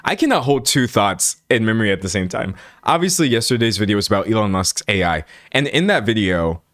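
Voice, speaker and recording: A young American man in his twenties talking loosely to his livestream audience, rambling from one thought to the next and laughing as he goes. His voice sits a little low, and the recording is dry and close at a desk mic. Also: lively intonation, brisk, fairly bright tone, dry recording. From United States. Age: 20s. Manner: chatty and rambling, laughs often. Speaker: livestream host. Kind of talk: casual livestream chat with viewers.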